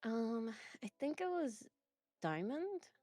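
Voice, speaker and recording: A woman's voice: on the high side, sing-song, slow pace, mellow, no echo. Rambling young woman, faint music behind. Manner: rambling, many fillers and restarts. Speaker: interview guest. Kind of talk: casual chat.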